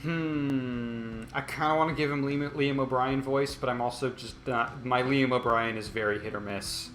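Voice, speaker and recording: A man giving chatty, excitable gameplay commentary as a channel host. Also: mid-range voice, normal speed, a little hiss or hum. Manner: chatty, excitable, laughs a lot. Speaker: let's play host. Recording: roomy echo, faint game music.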